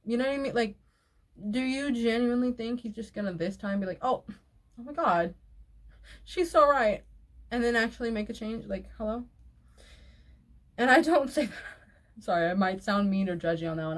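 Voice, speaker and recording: A woman's voice: mid-range voice, brisk. Outspoken woman reading and reacting casually. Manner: outspoken and exasperated, swears, laughs often between remarks. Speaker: online video host reading reader posts. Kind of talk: reading posts aloud and reacting with casual commentary.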